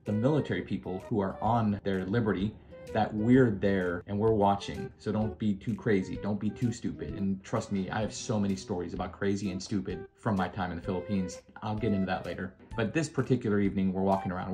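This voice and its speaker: A man's voice: deep voice, fairly even intonation, fairly quick, warm tone, soft background music. An American man in his fifties, a former Marine, telling a casual anecdote with wry asides to the listener. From United States.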